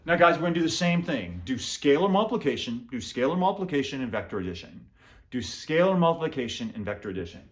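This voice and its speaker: A man's voice: mid-range voice, big pitch swings, fast. Man, math lecture, repeats himself, playful asides, echoey room. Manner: repeats phrases, jokes with students, talks to himself while writing. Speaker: math professor. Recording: roomy echo.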